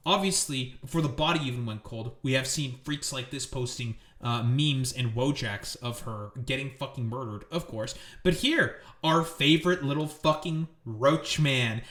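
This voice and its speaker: A man's voice: mid-range voice, lively intonation, moderate pace, few pauses, fairly bright tone, reverberant. A man giving angry, profane commentary on political news clips, ranting at the people he covers.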